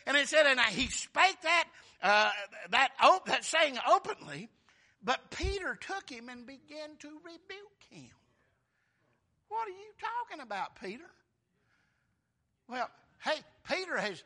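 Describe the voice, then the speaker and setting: A male preacher giving a folksy, animated sermon and acting out the scripture characters. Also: very high voice.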